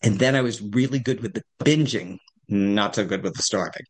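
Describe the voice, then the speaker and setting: A man's voice: fairly low pitch, normal speed, breathy edge. A man in his sixties telling his recovery story at a support meeting, rambling and self-deprecating. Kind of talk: personal recovery share.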